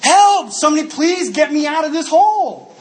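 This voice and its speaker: A man's voice: extremely high pitch, very fast, a little hiss or hum. A man voicing a frantic trapped guy. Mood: pleading. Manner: pleading, frantic shouting. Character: desperate man stuck in a hole.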